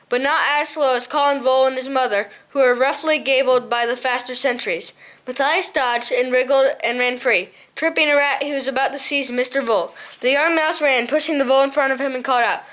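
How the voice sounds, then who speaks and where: A woman's voice: high-pitched, a bit bright. A woman reading a novel chapter aloud as a storybook narrator, often stumbling and correcting herself. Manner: reads with frequent stumbles and self-corrections. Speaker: audiobook reader.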